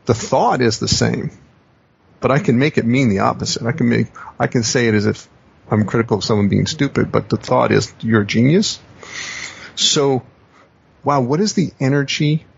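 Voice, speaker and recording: A man talks in a reflective, searching way as a podcast guest, repeating and rephrasing his points. His voice is gravelly and a bit husky. The audio is dull and lo-fi. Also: medium pitch, normal speed. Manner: reflective, repeats and rephrases, acts out quoted phrases. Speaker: guest, coach and teacher. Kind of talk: conversational podcast explanation.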